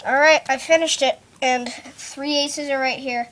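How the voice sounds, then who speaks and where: A woman performing a card trick while telling it as a story, spelling letters out one by one in a slow, deliberate way. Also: sits high, fairly even intonation, a bit bright. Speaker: magician.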